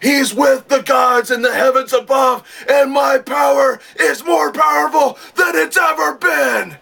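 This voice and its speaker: A wild-eyed pro wrestler hollers his grand declarations in a high, strained voice. Each phrase is stretched slow and pushed to a shout. The voice sits a bit far from the mic. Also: creaky, full character voice. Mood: intense.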